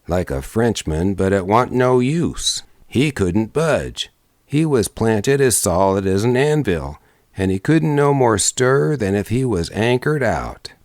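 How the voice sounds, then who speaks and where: A man's voice: on the low side, dry recording, studio quality. A man narrating an audiobook in a rambling, folksy vernacular storytelling style.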